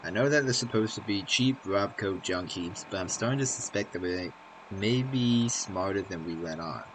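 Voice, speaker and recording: A deep-voiced man playing through a video game, dryly reading in-game notes aloud. Loud traffic noise sits behind him in the recording. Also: moderate pace, poor audio. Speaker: gaming channel host. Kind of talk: let's play commentary.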